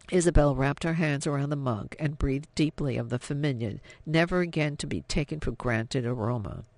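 A man reading an audiobook in scripted narration, measured and even. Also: mid-range voice, no echo.

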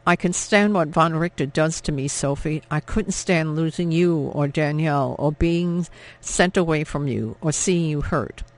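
A subdued, ashamed mother worn down by an occupying war, as a male audiobook reader puts her on. Her voice is soft and tender, pitched a touch higher than the reader's own, with a gravelly edge from the reader. It is quiet storybook dialogue, never loud. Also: unhurried. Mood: quiet, resigned. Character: weary, ashamed wartime mother, woman, middle-aged.

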